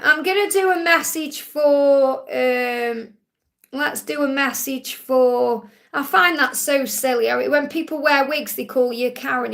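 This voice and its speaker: A woman's voice: high-pitched, vocal fry, fairly bright tone. A middle-aged woman reading tarot cards on a live stream, reassuring viewers as she reads out their messages and explains what the cards say. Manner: reassuring, reads messages aloud then interprets. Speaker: tarot card reader answering viewer questions.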